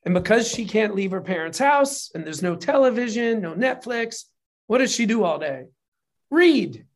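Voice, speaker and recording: A man, a film and TV producer, telling a long story in a casual interview, animated and swearing freely. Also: sits high, normal speed.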